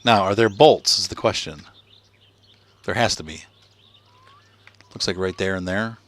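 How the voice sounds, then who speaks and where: A man's voice: sits low, a little slow, fairly bright tone. A middle-aged man and father casually commenting on a car-building video game, thinking aloud and chuckling. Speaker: let's play host, father.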